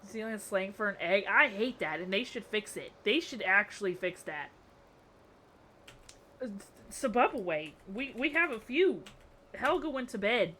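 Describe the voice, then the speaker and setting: A young woman streams live, building in a game while chatting casually with her chat, playful and exasperated and laughing often as she reacts. Her medium-pitched voice is a bit bright with lively intonation at a moderate pace, and there's a little hiss or hum.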